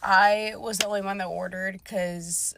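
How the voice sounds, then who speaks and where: A woman's voice: mid-range voice, fairly even intonation, measured pace, gravelly, fairly bright tone, no echo. A young woman telling a casual storytime about a bad date, chatty, full of "like" and swearing freely.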